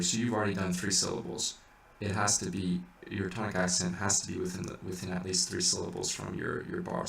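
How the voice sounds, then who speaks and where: A man's voice: deep voice, gravelly, a bit bright. A man explaining how to point a chant, thinking aloud with restarts and singing short examples. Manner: thinks aloud, hesitant with many restarts, breaks into sung examples. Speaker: chant teacher. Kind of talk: informal music lesson. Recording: echoey room, mic at a distance, faint hiss.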